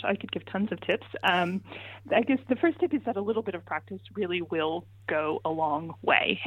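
A woman answering interview questions as a linguistics guest, patient and methodical, walking through examples step by step. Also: on the low side. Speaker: linguist guest explaining pronunciation. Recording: tinny phone line, dry.

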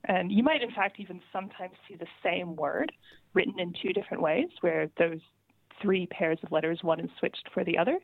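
A woman speaking in a somewhat low voice, explaining carefully as an interview guest. She is patient and methodical and builds her points through examples. Her voice comes through a tinny, dry phone line. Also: brisk, creaky, no echo. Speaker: linguist guest explaining pronunciation.

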